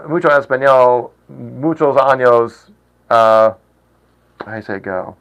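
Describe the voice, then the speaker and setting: Livestream host, man, 30s, mid-pitched, chatty and giggly, halting over foreign phrases. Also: fairly even intonation, a bit bright, clean tone, low-quality recording. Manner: chatty, laughs often, halting attempts at foreign words. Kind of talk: casual livestream chat.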